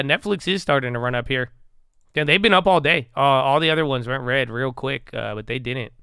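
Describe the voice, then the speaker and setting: Male market-stream host; bright, gravelly tone, rambling casual delivery. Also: medium pitch, no room sound, clean studio sound. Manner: rambling, joking, laughs often, trails off and mumbles. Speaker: stock market livestream host. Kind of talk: casual live market commentary.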